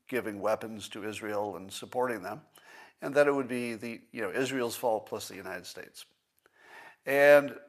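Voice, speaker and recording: A man hosting a livestream in a casual commentary style, thinking aloud and slowing down to stress his points. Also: medium pitch. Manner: conversational, thinks aloud with restarts and small laughs. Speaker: livestream host.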